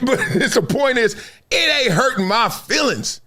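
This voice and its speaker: A man's voice: high-pitched, very animated, moderate pace, breathy edge. A man hosting a sports talk show, chatting playfully and laughing as he tells a story. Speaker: host. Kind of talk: casual commentary, then sung rap verse. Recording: loud hip hop beat behind.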